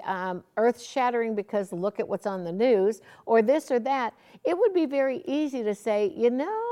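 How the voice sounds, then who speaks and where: A middle-aged woman hosting a podcast interview, telling stories in an earnest, conversational way. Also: on the high side. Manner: earnest storytelling, warm laughs between thoughts. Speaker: podcast host.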